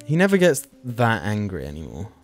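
A man's voice: lowish voice, huge pitch swings, fairly quick, faint music behind. A man co-hosting a podcast, telling stories animatedly and swearing casually. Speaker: podcast co-host. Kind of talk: casual chat.

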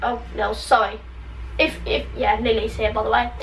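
A young woman hosting a casual quiz vlog, chatty and giggly, talking in quick bursts. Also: on the high side, flat delivery, far from the mic, slight background noise, rough recording. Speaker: channel host.

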